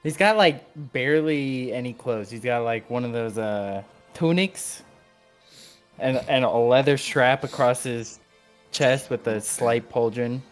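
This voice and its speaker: A man narrating as game master, loose and filler-heavy as he describes what the players see. His voice is middling in pitch, with faint music playing behind him. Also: unhurried.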